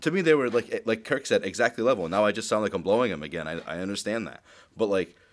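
Low-ish voiced guy rambling on a podcast, like like like, swears a lot. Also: animated, quick pace. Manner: rambling, heavy on filler words and swearing. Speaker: podcast co-host. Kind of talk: casual podcast chat.

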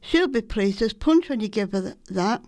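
A woman's voice: medium pitch, lively intonation, normal speed, darkish tone, dry recording, studio quality, lightly acted. A woman with a Lancashire accent voicing an old rag-and-bone man, brusque and shooing.

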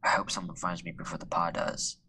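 Frightened boy stuck in a storybook well, whispery, low and flat, voiced by a man. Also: brisk, slight background noise. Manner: hushed, half-whispered. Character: scared boy trapped in a well.

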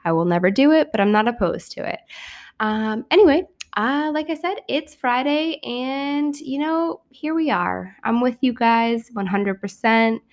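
Hoarse, raspy woman with a cold. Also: on the high side, unhurried. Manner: chatty, self-mocking, upbeat. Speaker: podcast host. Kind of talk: casual solo podcast chat.

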